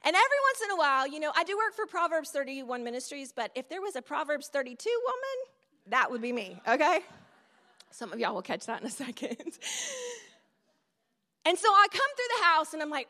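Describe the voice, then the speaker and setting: A woman's voice: sits high, sing-song, a little fast, sharp tone. A middle-aged woman preaching a sermon in a conversational storytelling way, with asides to the audience. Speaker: speaker at a church event. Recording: long hall reverb.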